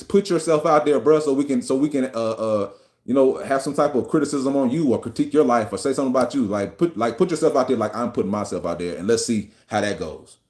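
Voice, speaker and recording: A man hosting a podcast, firing off a rapid, heated, profane rant. His delivery is combative and mocking, with a pitch that sits in the middle range for a man. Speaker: podcast host.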